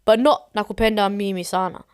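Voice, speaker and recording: A woman's voice: mid-range voice, steady tone, a little fast. A woman co-hosting a casual podcast chat, talking bluntly and animatedly and swearing freely. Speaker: podcast co-host.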